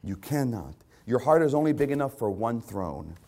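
A man's voice: mid-range voice, very animated, moderate pace, darkish tone. Guy preaching a sermon, medium voice, asks the same question over and over for emphasis. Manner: repetitive rhetorical questions, emphatic. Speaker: pastor.

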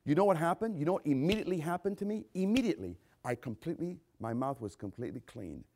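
Animated older male pastor preaching. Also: on the high side, quick pace, creaky. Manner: animated, swings between loud emphasis and quiet asides. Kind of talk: sermon.

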